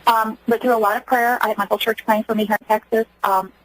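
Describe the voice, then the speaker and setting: Brief: quick, earnest woman guest, slightly high voice, dry close sound. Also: level tone, dry recording, poor audio. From Germany. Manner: earnest, acts out quoted speech. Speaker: interview guest. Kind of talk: radio interview storytelling.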